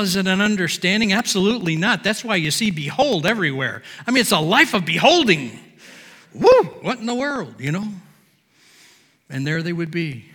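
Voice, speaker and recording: A man preaching a sermon from a podium, emphatic, swinging between near-shouts and low, quiet lines. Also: big-room sound. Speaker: pastor. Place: church sanctuary.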